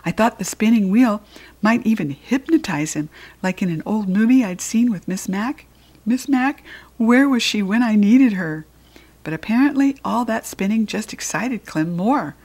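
Woman narrator for a children's audiobook, animated and playful, mid-range voice. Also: medium pitch, normal speed. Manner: lively, expressive, playful. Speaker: audiobook reader. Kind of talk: first-person storybook narration.

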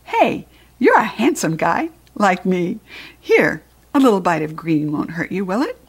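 A cheerful, talkative middle-aged school janitor, voiced by a woman reading a storybook aloud. He jokes and teases warmly, his voice lifting brightly on questions. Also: lowish voice, very animated, measured pace, breathy edge, full character voice. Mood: jovial. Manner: jovial, chatty, teasing.

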